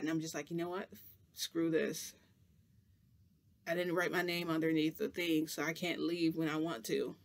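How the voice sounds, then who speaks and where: A man telling a rambling story in a casual, animated way, with frequent restarts and bursts of laughter. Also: on the high side. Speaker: vlogger.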